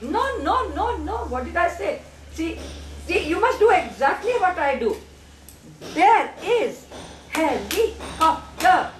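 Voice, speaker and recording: Woman speech teacher: high, animated delivery, slow syllable drilling, distant mic in a reverberant room. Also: a little hiss or hum. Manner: firm, insistent, repeats syllables slowly. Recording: echoey room, mic far off.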